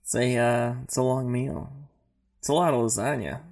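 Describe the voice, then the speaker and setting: A woman's voice: a bass voice, steady tone, moderate pace, creaky, darkish tone. A woman co-hosting a podcast, chatting casually and tossing in wry jokes. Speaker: podcast co-host. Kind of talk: casual chat.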